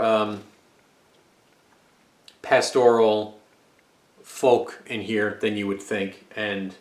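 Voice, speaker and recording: A man from the United States rambling casually about the records he collects, with lots of fillers. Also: fairly low pitch. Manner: rambling and relaxed, with frequent fillers. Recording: echoey room.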